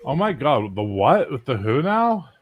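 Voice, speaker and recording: A man's voice: mid-range voice, big pitch swings, measured pace, dull audio. A man hosting a casual, joking chat with friends, exclaiming and swearing often. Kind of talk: casual banter among friends.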